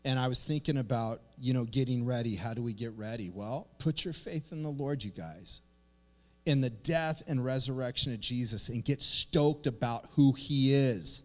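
A middle-aged man preaches in a loose, conversational way, slipping into quick acted-out voices. His voice sits at an ordinary middle pitch. The sound carries the long reverb of a church hall. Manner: animated, conversational, acts out quotes. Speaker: pastor. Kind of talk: casual sermon. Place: church sanctuary.

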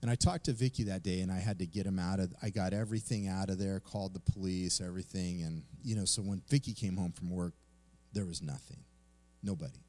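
A man's voice: low-pitched, fairly quick, dark tone. A man preaching a sermon, telling a personal story in a conversational way and then reading scripture aloud. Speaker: pastor.

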